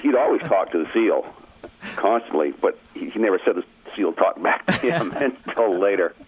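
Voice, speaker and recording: A man's voice: on the low side, expressive, moderate pace, husky. A middle-aged man from Maine, a radio guest telling a family story over the phone in an easygoing, chuckling way. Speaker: interview guest. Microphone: telephone. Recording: tinny dry phone line.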